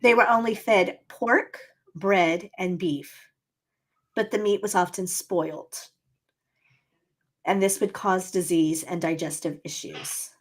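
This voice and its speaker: A woman's voice: on the low side, slow pace. A woman co-hosting a history and hauntings podcast, reading history aloud in a casual, teasing way. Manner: reads history aloud, laughs easily, teasing. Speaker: podcast co-host.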